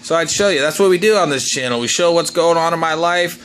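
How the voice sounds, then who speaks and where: Bright-voiced goofy young man vlogging. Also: quick pace. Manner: goofy, talks to his pets in high excited voice. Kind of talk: casual home vlog.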